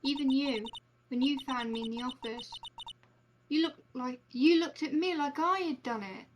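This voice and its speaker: A woman reading aloud the lines of a frightened, tired young woman accused of murder, soft and hesitant. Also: moderate pace, close to an everyday voice. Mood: weary. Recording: noisy low-quality mic.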